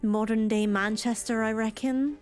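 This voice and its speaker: Chatty high-voiced woman game streamer. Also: fairly even intonation, normal speed, a little mellow, soft background music. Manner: chatty, playful, rambling asides. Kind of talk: casual let's-play commentary.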